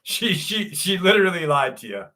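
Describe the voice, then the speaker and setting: A male livestream host with a fairly high, bright and forceful voice. He rambles, jokes and laughs at himself in loose chat, then reads viewer stories aloud. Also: very animated, moderate pace.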